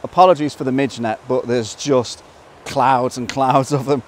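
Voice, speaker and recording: Excitable man vlogging outdoors. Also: mid-range voice, moderate pace, a little hiss or hum. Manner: excitable, bursts into wows and laughter; explains photo composition while working. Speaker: nature photographer. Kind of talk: outdoor vlog narration. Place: outdoors in a valley by a waterfall.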